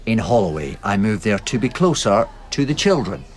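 Exasperated dad with lively pitch. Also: male voice, normal speed, slight background noise. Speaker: father. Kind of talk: sitcom acting.

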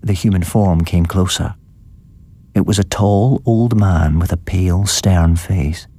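A man narrating a first-person horror story in a measured, suspenseful telling. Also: low voice, dark tone. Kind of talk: storybook reading.

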